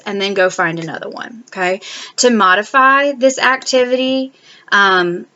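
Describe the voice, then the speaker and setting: A woman's voice: fairly high pitch, a little slow, bright, forceful tone, highs cut off. A woman explaining early literacy activities for the classroom, with frequent "um"s and "okay?" check-ins. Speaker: teacher education student presenting.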